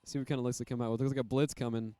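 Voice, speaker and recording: A man commentating a school football game with a smooth, warm voice. He keeps his pitch fairly level and talks casually, leaning on fillers as he follows each play. The sound is dry and close. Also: flat delivery, rapid-fire, no echo.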